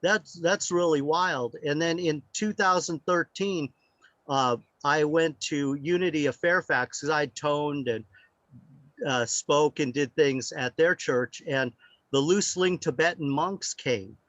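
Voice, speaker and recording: A man telling a casual story as a guest speaker on sound healing. He talks in animated anecdotes with many fillers. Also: on the high side, slow pace, dry recording. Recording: dry, slightly muffled lo-fi audio.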